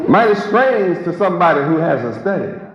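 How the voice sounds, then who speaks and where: A man's voice: high voice, very animated, moderate pace. A man preaching a sermon to a congregation, emphatic and repetitive, full of rhetorical questions. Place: large hall with congregation. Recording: echoey hall, lo-fi, crowd.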